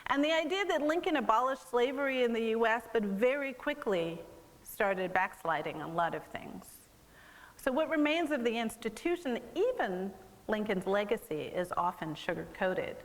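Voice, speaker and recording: A woman's voice: on the high side, sing-song, moderate pace, big-room sound, low-quality recording. A woman artist giving a conversational gallery talk about her work, explaining at an easy pace with frequent fillers. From American. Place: museum gallery.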